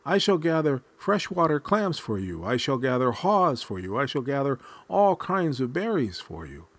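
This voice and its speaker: A man playing a sly raccoon trickster, husky and pleading. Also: mid-range voice, sing-song, fairly bright tone, dry recording, pitched above the performer's own voice. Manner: pleading, quick-witted. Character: small clever male raccoon trickster.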